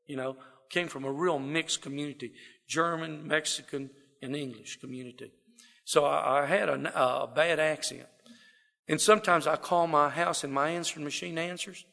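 A middle-aged man from South Texas with a slightly high, gravelly voice and a Southern drawl. He tells his own life story in a folksy, self-deprecating way, slipping into quoted voices. His words ring with a long reverb, as if spoken in a large hall. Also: fairly even intonation, normal speed, bright, forceful tone. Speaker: speaker sharing his recovery story. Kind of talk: personal storytelling talk.

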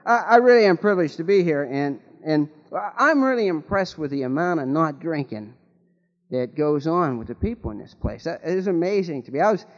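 A man's voice: on the high side, lively intonation, brisk. Rambling man joking from a meeting-hall stage. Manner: rambling with many restarts, folksy joke-telling. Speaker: speaker at a recovery meeting. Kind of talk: recovery meeting talk with jokes. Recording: dull long-reverb hall recording.

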